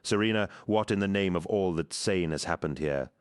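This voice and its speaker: A man's voice: normal speed, clear, resonant tone, close to an everyday voice. A man voicing a passionate male artist who speaks with urgent, exasperated energy. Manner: exasperated, urgent, raised pitch.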